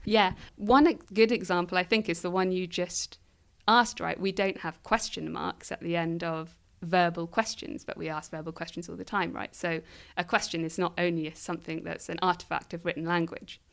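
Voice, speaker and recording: A woman guest in a philosophy interview, explaining her ideas in a thoughtful, measured way. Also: on the low side, fairly even intonation, vocal fry. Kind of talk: interview conversation.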